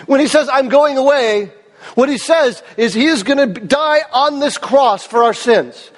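Pastor, man, high voice with cracks in it, earnest sermon, long hall reverb. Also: measured pace. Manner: earnest, emphatic, asks the congregation questions. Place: church service hall.

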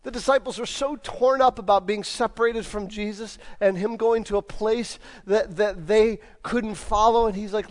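High-voiced man preaching casually. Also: fairly even intonation, normal speed, few pauses. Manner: casual, conversational preaching that acts out quoted lines. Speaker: pastor. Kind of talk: sermon. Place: church.

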